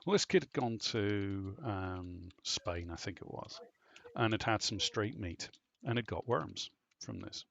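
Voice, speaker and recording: A man's voice: fairly low pitch, lively intonation, measured pace, vocal fry, a bit bright, a little hiss or hum. A man hosting a podcast, telling a long story in a casual, rambling way and swearing freely. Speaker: podcast host. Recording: dull lo-fi voice recording.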